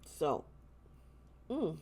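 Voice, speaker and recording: A woman hosting a tarot channel, speaking in a casual vlog style, earnest and halting, with many pauses and restarts. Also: dark tone.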